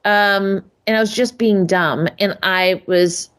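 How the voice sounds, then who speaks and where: A woman in the middle of her speaking range tells a story on a podcast. She is lively and self-mocking, and she jumps up high when she quotes other people. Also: slow pace, clean tone. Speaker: podcast guest, family photographer. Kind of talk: casual storytelling in an interview.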